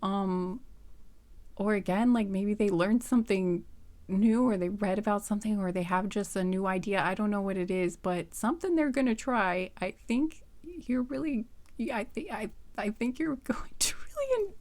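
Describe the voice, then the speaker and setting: A woman's voice: mid-range voice, moderate pace, a little mellow. A woman giving a casual tarot reading into a close microphone, flustered and giggly, rambling with many restarts. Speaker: tarot reader.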